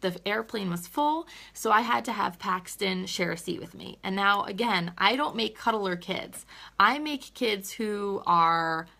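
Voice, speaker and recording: A woman's voice: mid-range voice, measured pace, vocal fry, pushed and bright. A woman in her thirties talking earnestly to viewers on a phone live stream, laughing and fighting back tears. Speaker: teacher and mom livestreaming. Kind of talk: emotional live video chat.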